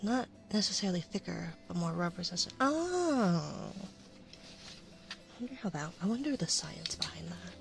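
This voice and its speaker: A woman streamer chatting casually in an ASMR stream, rambling and often dropping into a soft whisper. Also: fairly low pitch, fast, gravelly, over music. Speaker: VTuber streamer.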